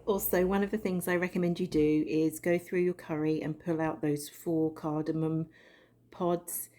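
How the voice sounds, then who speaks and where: A woman's voice: deep voice, little pitch movement, moderate pace, warm tone. A middle-aged woman giving a chatty cooking demonstration from her home kitchen, talking straight to the viewer. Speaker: cooking vlogger.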